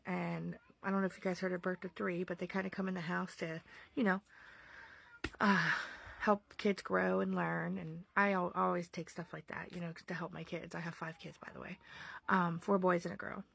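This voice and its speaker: Woman, 30s, mother, low gravelly voice, rambling storyteller. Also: steady tone, normal speed, fairly bright tone. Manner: rambling, full of fillers and self-corrections. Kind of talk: casual storytelling.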